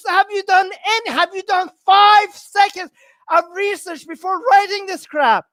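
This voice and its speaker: A man's voice: very high voice, steady tone, normal speed, a bit bright, no echo. A man hosting a livestream, reacting in heated rants full of rhetorical questions. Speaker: channel host.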